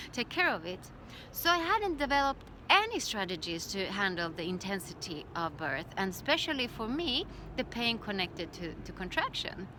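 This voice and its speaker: Bright-voiced woman telling a personal story. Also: fairly high pitch, slight background noise. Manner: calm, reflective storytelling with acted-out quotes. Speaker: birth educator.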